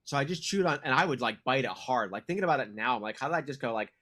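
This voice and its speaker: A man's voice: medium pitch, animated, racing, fairly bright tone. A man in his thirties, a podcast co-host telling a long rambling story in casual chat, swearing and laughing often.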